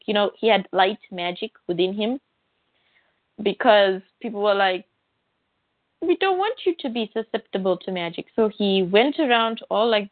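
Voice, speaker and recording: A woman's voice: mid-range voice, no echo. A woman in casual chat about comics, talking loosely and quoting people with "I'm like". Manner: chatty, quotes people with "I'm like". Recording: dry tinny phone-like sound.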